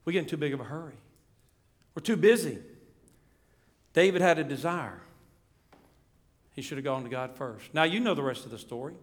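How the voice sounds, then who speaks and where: A male preacher delivers a sermon with a high-pitched voice. He preaches in an animated way, swinging between quiet asides and raised, emphatic lines.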